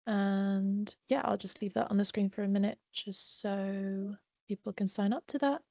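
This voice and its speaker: A woman hosts an online webinar and runs through housekeeping. Her voice is warm and mellow, and the sound is dry and close. She talks casually, with plenty of ums. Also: mid-range voice, fairly even intonation, normal speed, creaky, dry recording. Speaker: webinar host. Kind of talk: hosting a webinar. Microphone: video call.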